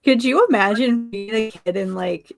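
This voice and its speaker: A woman's voice: on the high side, moderate pace, vocal fry. A woman in casual chat who reads aloud from a book and playfully mimics voices.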